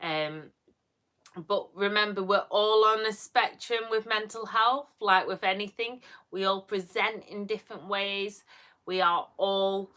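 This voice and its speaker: A woman from Yorkshire with a broad Yorkshire accent and a slightly gruff voice, chatting casually and bubbly with live viewers. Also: mid-range voice, steady tone, measured pace, pushed and bright. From Yorkshire, England. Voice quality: a bit gruff. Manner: chatty, bubbly, rambling with fillers. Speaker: vlogger livestreaming to viewers.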